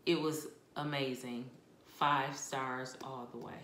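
A woman chatting casually about books she read, expressive and talkative with laughs and asides. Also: extremely low pitch, slow, roomy sound, a little hiss or hum. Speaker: book vlogger. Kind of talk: casual book review chat.

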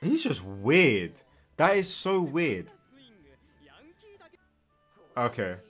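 A young man giving casual, animated reaction commentary while watching, tired and yawning, with slangy asides and frequent repeated words. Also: medium pitch, takes it slowly, faint music behind. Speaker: anime reaction host. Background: faint anime soundtrack.

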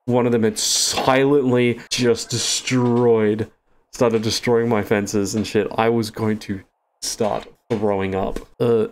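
A young Australian man streams games with jittery, swearing commentary and nervous laughter, his Australian accent coming through in a lowish voice.

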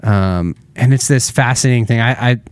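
A man's voice: medium pitch, normal speed, no room sound. Rambling man on a church podcast. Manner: rambling, self-deprecating, many fillers. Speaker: podcast co-host. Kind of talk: casual church podcast chat.

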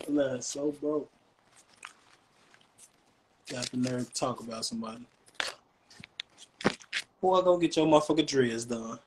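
A man's voice: mid-range voice, a little slow, pauses often. A young man from Chicago with a Chicago accent, ranting and taunting in casual livestream talk full of street slang. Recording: faint background noise.

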